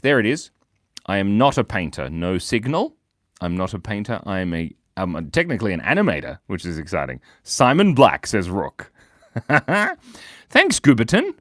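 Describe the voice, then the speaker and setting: A young man hosts a casual live stream, drawing for viewers while chatting playfully and reading out their comments. His voice is lowish, and the sound is studio quality with no room sound.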